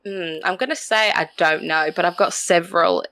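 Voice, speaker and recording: A woman in her thirties from Australia co-hosts a podcast, her accent a blend of Australian, English and Canadian. Her low-ish, pushed and bright voice comes through at normal speed with no echo as she chats casually, full of fillers and laughs.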